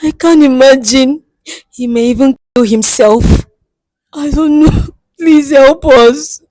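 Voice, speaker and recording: A woman's voice: high-pitched, normal speed, a little mellow, no echo, natural voice, low-quality recording. A woman acting a distraught young woman in a comedy skit, crying and pleading for help, repeating herself. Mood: sobbing. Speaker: guest seeking help. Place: studio.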